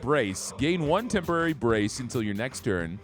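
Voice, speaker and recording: A man giving excitable, joking let's-play commentary as a gaming streamer, reading the game text aloud. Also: mid-range voice, normal speed. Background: game music.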